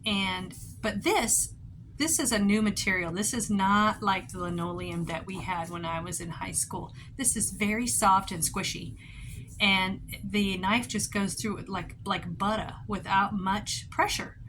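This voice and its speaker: Bright-voiced chatty woman in her fifties. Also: mid-range voice, unhurried, slight background noise. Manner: chatty and rambling, with sudden bursts of excitement. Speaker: craft vlogger. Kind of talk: casual show-and-tell tutorial.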